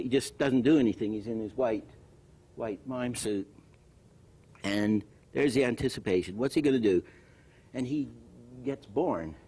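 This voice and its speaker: A man's voice: medium pitch, a little mellow, husky. An older man giving a lecture on animation, telling anecdotes and acting out the lines he quotes. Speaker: animation teacher.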